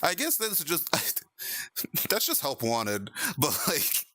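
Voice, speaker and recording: A young man streaming in VR, chatting casually with viewers, animated and laughing often. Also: fairly high pitch, slow, dry recording. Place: VR chat stream at home.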